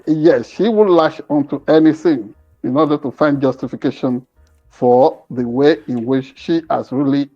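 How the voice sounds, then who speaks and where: A man giving opinionated commentary as a co-host, hesitant and filling pauses while he searches for words. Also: medium pitch, warm tone, highs cut off, soft background music. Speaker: news commentator.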